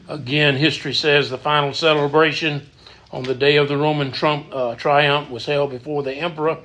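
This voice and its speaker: A man's voice: on the high side, a bit bright. A man leading a church Bible study in an earnest, emphatic teaching manner, often repeating words as he goes.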